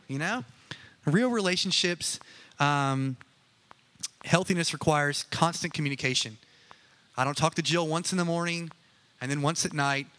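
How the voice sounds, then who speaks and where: A man's voice: on the high side, fairly bright tone. A man preaching a casual, conversational sermon, chatty and joking with many asides. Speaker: pastor.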